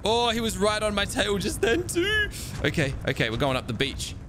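Excitable young man, high and lively. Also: moderate pace, over music. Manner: excitable, exclaims often, talks to viewers. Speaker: gaming channel host. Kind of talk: live gameplay commentary.

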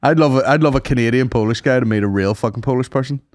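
A man's voice: mid-range voice, fast talker, dry recording, clean studio sound. A man co-hosting a podcast, telling rambling, sweary anecdotes in casual chat and acting out what people said. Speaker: podcast co-host.

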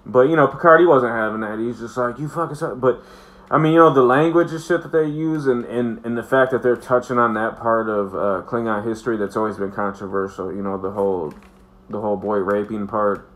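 A man's voice: on the low side, fairly even intonation, fairly quick, a bit bright. A man giving a casual, profane, rambling recap of a show for his channel, full of fillers. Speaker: video reviewer.

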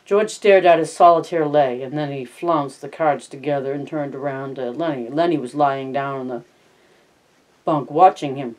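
A narrator reading a classic novel aloud in a steady, plain audiobook style, with small slips. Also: medium pitch, moderate pace, poor audio.

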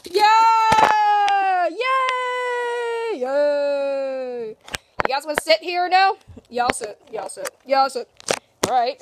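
A woman hosting a toy play video and narrating it in an excitable way, with shrieks and gasps. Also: very high voice, very slow, very noisy. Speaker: channel host.

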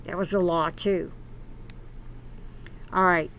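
Woman, channel host, reads an article aloud slowly with preachy asides; bright, fairly high voice. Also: steady tone, a little hiss or hum. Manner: earnest, preachy asides between read passages; halting, with restarts. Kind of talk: reading an article aloud with commentary.

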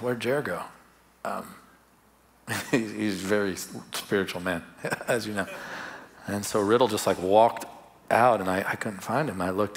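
Guy pastor chatting thru a sermon story, kinda low voice, easygoing. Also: slight background noise. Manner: conversational, warm storytelling with laughs. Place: church service.

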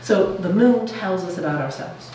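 A lower-voiced woman giving a lively public science talk, keeping the crowd with her through frequent "all right?" check-ins. She is recorded from a distance, with a strong echo in the room. Faint noise hums underneath. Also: moderate pace. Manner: enthusiastic, keeps checking in with "okay?" and "all right?". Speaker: lecturer. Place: lecture room.

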